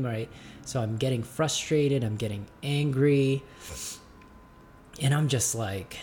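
A man's voice: medium pitch, darkish tone, soft background music. Reflective man talking to viewers. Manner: halting, repeats and restarts words often; addresses listeners as "guys". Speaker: gym owner speaking to viewers. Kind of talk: reflective casual monologue.

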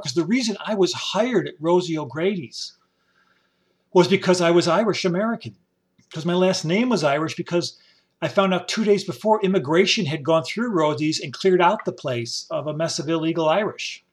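A man from upstate New York reminisces in a loose, rambling way. His speaking voice sits on the higher side for a man. He wanders between memories and keeps dropping in "you know" as he goes. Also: fairly quick. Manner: rambling, warm storytelling with many "you know" fillers and quoted voices. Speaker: storyteller. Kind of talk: casual spoken memoir.

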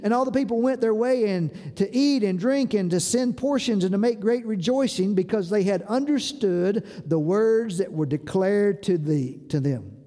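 A man preaches a sermon in a high but mellow voice. He is earnest and exhorting, often repeating "listen" to press his point. The recording carries the long reverb of a large hall. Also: moderate pace, few pauses. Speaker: pastor.

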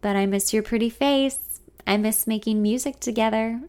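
A woman's voice: a little high, normal speed, darkish tone, clean tone, natural voice. A woman voicing a flirty man with a Southern US drawl who coaxes and dodges questions. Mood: wistful. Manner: coaxing, drawling.

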